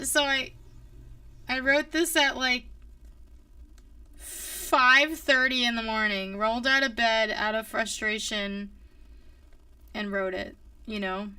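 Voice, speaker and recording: Bright-voiced woman chatting on a stream. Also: on the high side, clear, resonant tone, no room sound, far from the mic. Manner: rambling, many fillers, chatty with viewers. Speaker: singer-songwriter streamer. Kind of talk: casual livestream chat.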